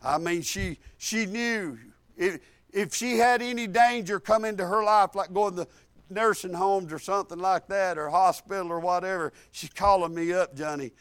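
A male preacher, delivering a sermon with repeated emphatic phrases and quiet, confiding asides. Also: sits high, normal speed, clean tone, no room sound.

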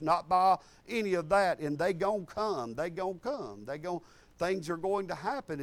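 Male preacher, high and expressive, folksy and animated. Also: dry recording. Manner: folksy storytelling, animated, acts out quotes. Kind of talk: sermon.

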